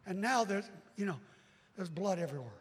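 A man preaching a storytelling sermon to a hall with a balcony, animated, speaking straight to the crowd and breaking into shouts. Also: high-pitched, brisk. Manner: animated, bursts into shouts, addresses folks directly. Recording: long hall reverb.

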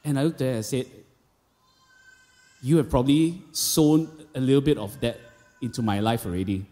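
A man's voice: medium pitch, normal speed, mellow. A man in his thirties with a Malaysian English accent, a pastor preaching a sermon and telling stories with quoted voices and casual asides. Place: church auditorium. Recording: long reverb of a large hall.

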